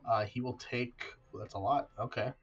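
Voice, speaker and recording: A man's voice: medium pitch, fairly even intonation, normal speed, highs cut off, heavy background noise. A man narrating as game master of an online tabletop game, describing the action with many "uh" restarts. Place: home streaming setup.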